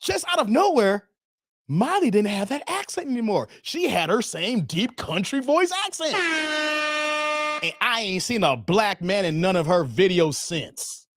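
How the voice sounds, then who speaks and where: Animated high-voiced commentary host. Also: male voice, unhurried, no echo, clean studio sound. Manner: emphatic, repetitive and rambling, with slang. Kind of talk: livestream commentary with donation shout-outs.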